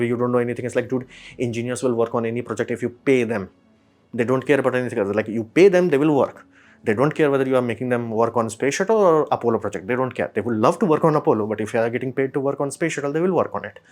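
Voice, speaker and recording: A man from India giving a blunt, exasperated opinion monologue, often mimicking other people in quick asides. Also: medium pitch, darkish tone. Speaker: commentator.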